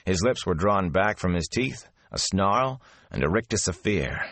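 A man narrating a fantasy audiobook in a steady, measured storytelling manner. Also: low voice, no room sound.

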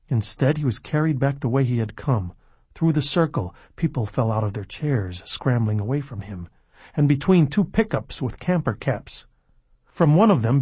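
A man reading a novel aloud as narrator, measured and dropping low and quiet at tense moments. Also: breathy edge, no echo. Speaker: audiobook narrator. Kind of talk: scripted narration.

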